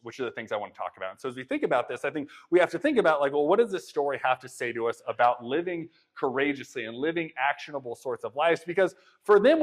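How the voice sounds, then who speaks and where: A young man preaching a conversational sermon, retelling a story in a casual, animated way with many fillers. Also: on the high side. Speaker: pastor.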